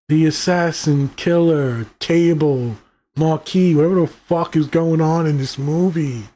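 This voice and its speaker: A man's voice: a little high, measured pace, dark tone. Profane, exasperated man ranting about a movie. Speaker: movie reviewer. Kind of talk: casual ranting review.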